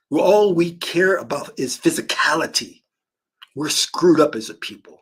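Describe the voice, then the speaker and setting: A man's voice: fairly high pitch, breathy edge. A man giving a motivational spiritual talk about manifesting through dreams, emphatic and given to storytelling.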